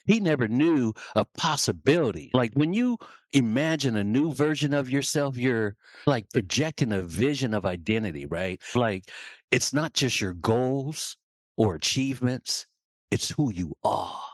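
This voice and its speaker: A man's voice: mid-range voice, animated, measured pace, no room sound, studio quality. A man, a leadership coach, telling a dramatic story on a podcast.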